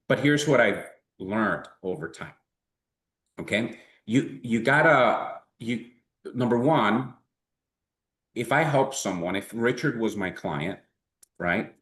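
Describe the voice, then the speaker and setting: A man giving a conversational sales training, animated, checking in constantly with "right?" and acting out sample dialogues. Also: medium pitch. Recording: echoey room.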